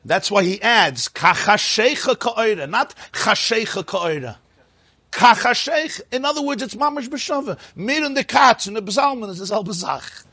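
A man's voice: high voice, sing-song, normal speed, bright, forceful tone, breathy edge, no room sound. A man giving a spoken Torah lecture, emphatic and repeating phrases for stress. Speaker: teacher of a religious class.

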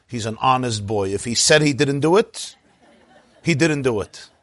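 A man voicing a mild, earnest Hebrew school teacher in a joke, speaking quietly and quickly. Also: mid-range voice, lively intonation, dry recording, studio quality, lightly acted.

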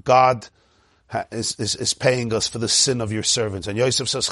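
A man's voice: mid-range voice, steady tone, normal speed, a bit bright, no room sound, studio quality. A man teaching a Torah lesson, retelling a biblical story with repeated phrases for emphasis and quoting Hebrew verses before translating them.

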